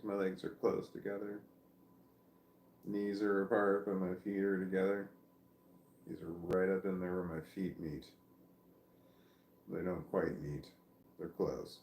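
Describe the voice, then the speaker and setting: A man's voice: sits low, creaky, a little mellow, reverberant, a little hiss or hum. A man on a home livestream talking casually and meandering to viewers, often stopping mid-sentence to restart. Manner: meandering, self-interrupting, talking to viewers about his dog. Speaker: vlogger. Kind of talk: rambling casual livestream chat. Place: at home, seated with dog on his legs. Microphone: phone or camera on a stand.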